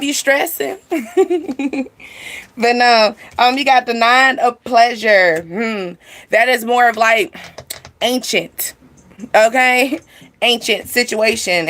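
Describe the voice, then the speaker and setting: Young woman, tarot reader, loose chatty delivery, voice sitting a touch high. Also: fairly bright tone. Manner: rambling, chatty, heavy use of "like" and "you know". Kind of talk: casual spiritual reading to camera.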